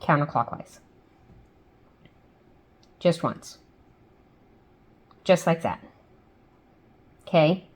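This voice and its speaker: Unhurried and leaving long pauses, a woman with a lowish voice gives a homey step-by-step tutorial on sock machine knitting. She patiently repeats steps and keeps asking "okay?", staying chatty with a playful "ta-da".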